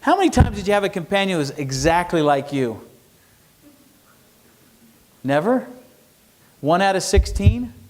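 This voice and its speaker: A man's voice: high voice, big pitch swings, moderate pace, pauses often. A middle-aged man giving a talk to students, telling homespun stories and putting questions to the audience. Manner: folksy storytelling, asks the audience questions. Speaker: entrepreneur speaker. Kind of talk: lecture to students. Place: university lecture hall.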